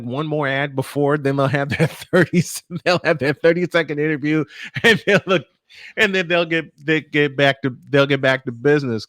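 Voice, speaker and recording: A man with a fairly high voice tells sports anecdotes in a relaxed chat, stumbling and restarting as he goes. He is recorded close and dry, with no room sound. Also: dry recording. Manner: storytelling, halting restarts. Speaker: podcast co-host.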